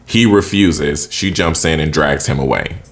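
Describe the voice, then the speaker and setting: A young man casually recapping a horror movie with spoilers, chatty and frank, jumping way up in pitch for emphasis and quoted lines. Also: unhurried. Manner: chatty, frank, swears freely. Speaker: movie reviewer.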